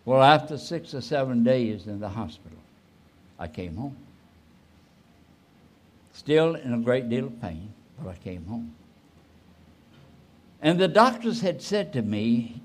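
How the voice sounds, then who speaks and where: A man in his eighties, a pastor telling a personal story in a sermon, rising suddenly and trailing off softly. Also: mid-range voice, animated. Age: 80s. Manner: slow, with sudden rises and soft trailing endings.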